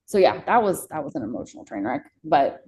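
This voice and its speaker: Podcast guest: young woman, low and gravelly, candid storyteller who curses freely. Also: very animated, a little fast, darkish tone, rough recording. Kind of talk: casual emotional storytelling.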